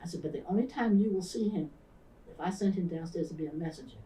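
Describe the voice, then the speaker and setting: A woman's voice: on the low side, quick pace, slight background noise. An older woman pastor from the Philadelphia area recounts memories in an interview, acting out the voices of the people in her stories. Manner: animated storyteller who acts out the voices of people in her story. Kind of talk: storytelling interview. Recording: roomy, distant mic.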